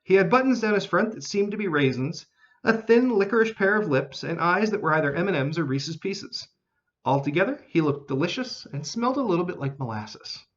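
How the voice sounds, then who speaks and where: A man narrating a children's storybook in an expressive, animated reading style. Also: sits high, a little fast, muffled recording.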